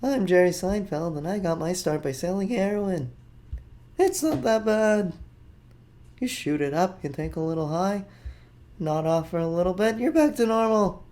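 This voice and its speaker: A man doing a brash, high-pitched stand-up comic. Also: lively intonation, moderate pace, a little mellow. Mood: boastful. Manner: exaggerated, self-mocking boasting. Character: brash male stand-up comedian impression.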